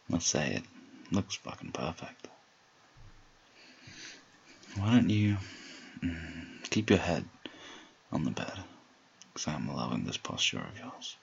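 Man, deep and husky, whispered role-play, slow and dominant, teasing tone, muffled lo-fi take. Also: big pitch swings, a little hiss or hum. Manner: slow, low murmured delivery.

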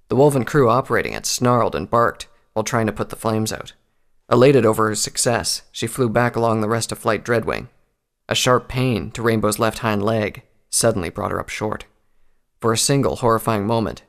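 Man narrating a story, steady delivery, deep and gravelly. Fits audiobook fiction. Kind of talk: scripted narration of fan fiction.

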